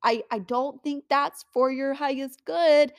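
Woman doing a casual, exasperated God, pitched high, pleading with his people. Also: steady tone, measured pace, dry recording, clean studio sound. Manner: pleading, casual, half-joking warnings. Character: God, patient exasperated fatherly male deity.

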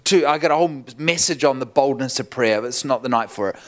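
Animated storytelling male pastor. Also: mid-range voice, quick pace. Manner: animated, laughing often, acts out quotes. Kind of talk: storytelling sermon.

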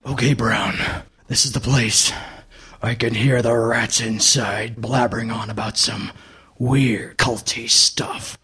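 An actor playing a brash, violent tough guy with a gravelly voice in an audio drama. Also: fairly high pitch, very animated, a little slow, a bit bright, heavily acted.

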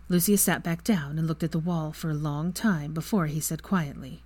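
A woman reading fan fiction aloud as narrator in a steady, even manner. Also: low voice, moderate pace, husky. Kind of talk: story narration.

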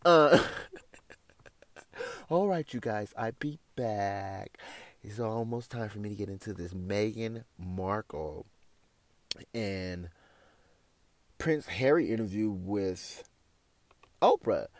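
A man, hosting a casual opinion show, sassy and animated, often calling listeners "honey". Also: on the low side, slow, long pauses, dry recording. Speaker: podcast host.

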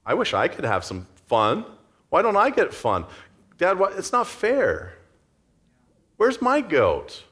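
A man's voice: high voice, huge pitch swings, slow pace, pauses often, a bit bright, pitched above the performer's own voice, heavily acted. A man voicing a resentful, jealous older brother who complains in a whiny way.

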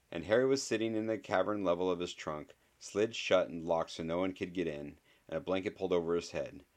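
A man reading a novel aloud as an audiobook narrator, in a measured, dry storytelling manner. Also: low voice. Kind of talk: scripted narration.

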